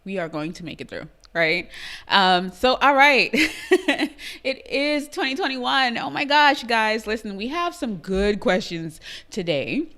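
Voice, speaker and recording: Trinidadian lady hosting her live show, super bubbly, keeps laughing and shouting out viewers. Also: on the high side, expressive, unhurried. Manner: bubbly, laughs often, greets viewers by name. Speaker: livestream show host. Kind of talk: live-streamed talk show.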